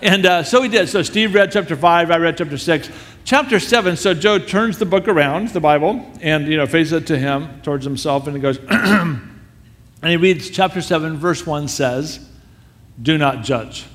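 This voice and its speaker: A man telling a story as a sermon, animated and acting out the people he quotes. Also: fairly high pitch, moderate pace. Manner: animated storyteller who acts out quoted voices. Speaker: speaker telling a story to a church audience. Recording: long hall reverb.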